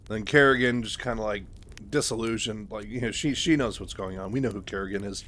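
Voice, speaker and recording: A man's voice: on the low side, a little fast, a bit bright. A man casually retelling a novel, loose and full of fillers. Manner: loose, filler-heavy, lots of "like". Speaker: book retelling host.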